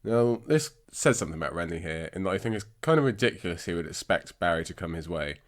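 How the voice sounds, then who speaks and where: A man's voice: low voice, animated, quick pace. A man hosting a book podcast, congested and with a scratchy throat, chatting in a rambling, self-deprecating way. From England. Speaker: podcast host. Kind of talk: casual podcast chat about books.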